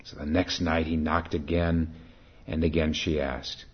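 A man giving a dharma talk as a meditation teacher, telling a story and reflecting in a calm, unhurried way. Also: very deep voice, breathy edge. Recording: dull lo-fi recording.

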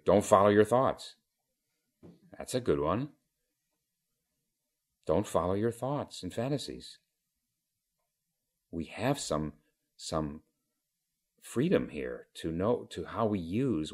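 Male Zen teacher, dharma talk; very deep, unhurried, hesitant delivery full of pauses. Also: a little mellow. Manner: halting, measured, frequent pauses and fillers.

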